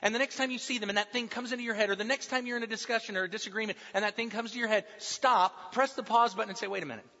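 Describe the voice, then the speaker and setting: A man preaching a sermon as pastor, emphatic, dropping soft and slow when he quotes. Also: high voice, steady tone, in a large hall, muffled recording.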